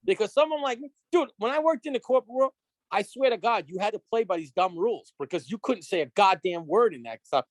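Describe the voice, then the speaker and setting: A man telling a story on a casual podcast, animated and profane, acting out the dialogue. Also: sits high, quick pace, no echo. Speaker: guest.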